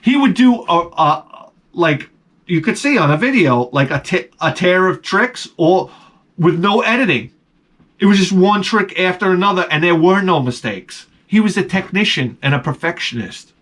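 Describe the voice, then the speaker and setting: A middle-aged man hosting a video, telling a casual, rambling story to camera with jokes and sudden excited jumps in his voice. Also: sits high, normal speed. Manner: rambling and jokey, voice jumping up when excited. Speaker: video host.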